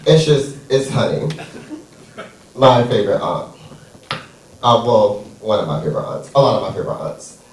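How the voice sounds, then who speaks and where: A man's voice: on the low side, expressive, normal speed, long pauses, a little hiss or hum. A man performing a stand-up comedy set on a theater stage, sassy and playful, drawing out his punchlines. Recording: echoey room, far from mic.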